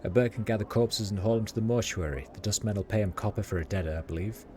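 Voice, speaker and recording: A man's voice: fairly low pitch, measured pace, darkish tone, slight background noise, lightly acted. A man voicing a chatty, superstitious male rat catcher, reading slangy street talk aloud with small stumbles. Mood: gossipy.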